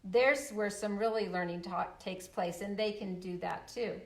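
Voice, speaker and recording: A woman's voice: mid-range voice, a little slow, few pauses, far from the mic. Older woman, echoey encouraging presenter. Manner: friendly and encouraging, with frequent ums. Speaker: early literacy presenter. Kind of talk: talk to parents on shared reading. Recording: echoey room, away from the mic.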